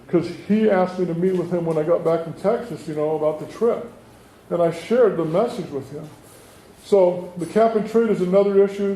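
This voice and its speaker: Middle-aged guy politician talking to a town hall crowd, high voice, mellow tone, kinda echoey. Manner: forceful, folksy storytelling with rhetorical questions. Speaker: state assemblyman. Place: community meeting room. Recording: echoey room, faint background noise.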